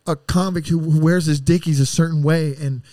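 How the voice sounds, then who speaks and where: A podcast guest from around San Diego tells his life story in candid, blunt, profane fashion, acting out the voices of those involved in an animated retelling. His voice is a little high and a little fast, with no echo.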